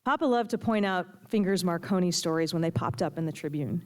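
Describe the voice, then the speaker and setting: A woman reading her own fiction aloud with a steady storytelling delivery. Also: on the low side, a little fast. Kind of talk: prose reading.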